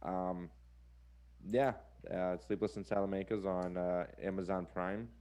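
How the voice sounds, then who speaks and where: A man's voice: sits low, little pitch movement, measured pace, mellow. A man appearing as a guest on a podcast over a video call, talking about his documentaries in a laid-back, matter-of-fact way with some teasing. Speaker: guest, paranormal documentary maker. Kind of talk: casual chat on a live video call.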